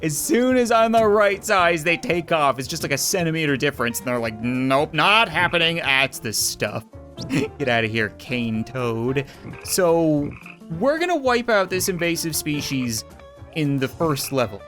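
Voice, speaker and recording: A man's voice: fairly high pitch, expressive, unhurried, a bit bright, soft background music. A man giving jokey, sarcastic let's play commentary as a gaming YouTuber, often talking to the creatures in the game.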